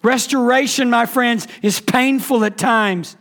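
A man preaching a sermon as pastor, impassioned, swinging between loud emphatic peaks and soft hushed lines. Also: very high voice, unhurried, creaky.

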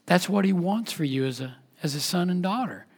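A man pastor preaching a sermon emphatically, his voice dropping to a hush and then rising again. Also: sits high, expressive, brisk, breathy edge. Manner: emphatic preaching, swings between loud and hushed.

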